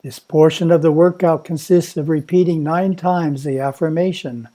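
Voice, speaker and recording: A man at a monastery reading a prepared spiritual talk in a measured, instructive way. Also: on the high side, fairly even intonation, warm tone. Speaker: monastery teacher.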